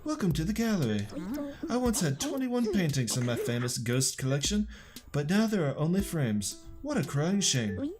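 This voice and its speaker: A fussy old ghost-hunting inventor from a video game, speaking in a posh put-on British accent, as a man voices him. The voice is pitched a little above a normal speaking voice, and game music plays behind. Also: big pitch swings, moderate pace. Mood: proud. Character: eccentric old male ghost-hunting scientist.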